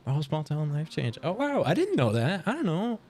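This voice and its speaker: A young man from Canada talking casually on a livestream, reading and answering chat with animated, joking surprise. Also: fairly high pitch, a little fast. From Canada, near Montreal. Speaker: livestream streamer.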